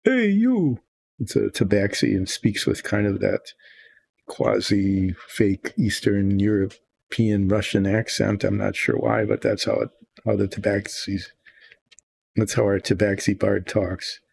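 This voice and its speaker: While painting miniatures for his video, an older host chats and muses in a wandering, self-mocking way. He sounds fairly low, creaky, husky and somewhat dark, with a level tone and an unhurried pace.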